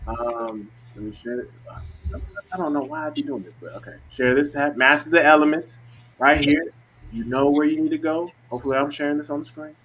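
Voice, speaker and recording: Man, host, slangy, laughs a lot, slightly high voice, faint hiss. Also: wildly swooping pitch, brisk, vocal fry, fairly bright tone. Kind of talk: casual livestream chat.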